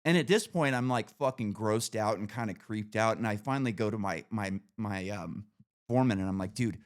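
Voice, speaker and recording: A man hosting a podcast, telling a long profane story in casual chat with lots of animated rises. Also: lowish voice, a little fast. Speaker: podcast host.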